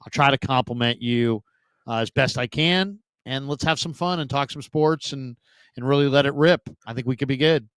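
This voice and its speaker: A man, a sports radio host, telling stories in a casual, animated way and mimicking other people's voices. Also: moderate pace, smooth, no room sound. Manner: animated, mimics voices with big pitch jumps. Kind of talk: casual storytelling chat.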